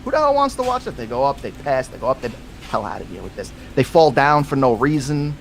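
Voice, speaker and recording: A man's voice: mid-range voice, sing-song, fast talker, gravelly, low-quality recording. A man from the United States co-hosting a podcast, ranting with strong opinions about sports coverage. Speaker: podcast co-host. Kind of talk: casual sports chat.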